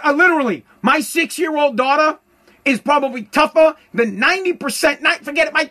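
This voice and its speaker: Man, comedic rant, profane, stammering, very high pitch, bright. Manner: profane, loud, stammering repetitions.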